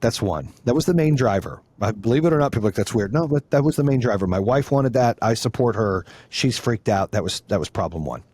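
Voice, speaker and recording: A man's voice: lowish voice, a little mellow, no echo. A middle-aged man talking as a podcast guest in casual conversation, blunt and heated, swearing freely and repeating his points for force.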